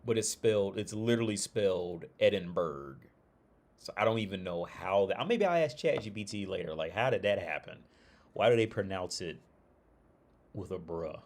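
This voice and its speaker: Deep-voiced casual guy. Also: normal speed, a little mellow. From Ohio. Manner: rambling, profane, loose restarts. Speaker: streamer. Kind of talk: casual livestream chat.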